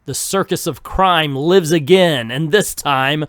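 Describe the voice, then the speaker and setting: A man voicing a scheming male circus villain who speaks slowly and grandly. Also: a little high, a bit bright, no echo, studio quality. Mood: gloating.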